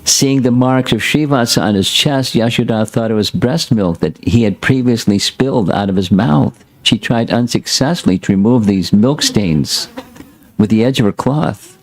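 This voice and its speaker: A man's voice: medium pitch, normal speed. A man teaching a scripture class, reading a passage aloud and breaking in with short plain asides. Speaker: spiritual teacher.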